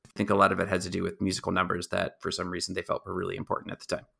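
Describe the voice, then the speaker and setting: A young man co-hosts a casual film review podcast, laying out trivia in an easy, informative manner with dry asides. His voice sits fairly low with a noticeable gravelly texture. The tone stays forward and bright despite the low pitch. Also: very fast. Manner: informative, relaxed, dry humor. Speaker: podcast co-host. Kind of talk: casual movie review chat.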